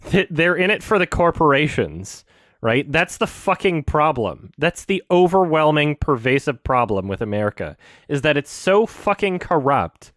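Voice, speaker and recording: Man, angry livestream rant, swearing and emphatic, pitch swinging widely, dry close sound. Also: fairly bright tone, no room sound. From Canada. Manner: heated, profane, emphatic. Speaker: streamer.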